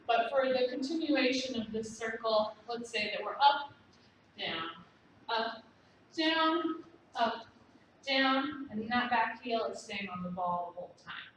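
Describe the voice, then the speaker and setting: A woman teaching a belly dance lesson, gently explaining moves and counting steps aloud. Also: a little high, a little hiss or hum. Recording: very echoey room, distant mic.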